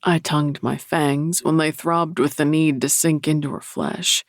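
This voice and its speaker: A man narrating a paranormal romance audiobook in the first person, with a low, even, intimate delivery. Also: measured pace, no echo, studio quality.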